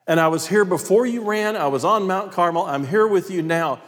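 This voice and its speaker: A preacher voicing God, gently reproving. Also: male voice, high voice, moderate pace, voice pushed up, lightly acted. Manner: searching, reproving questions. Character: patient male God questioning a prophet. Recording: long hall reverb.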